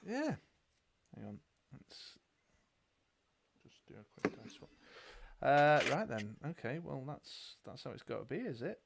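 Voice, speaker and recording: A man's voice: mid-range voice, big pitch swings, a little slow, gravelly, pauses often, noisy background. A British man co-hosting a live tabletop dice game, casually thinking aloud as he reads cards and counts dice. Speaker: game show co-host.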